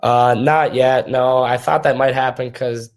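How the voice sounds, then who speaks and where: A man's voice: medium pitch, steady tone, measured pace. A young man from Minnesota, a hockey player guest, talking casually and rambling through his stories in a podcast interview. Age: young adult. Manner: easygoing, rambling storytelling.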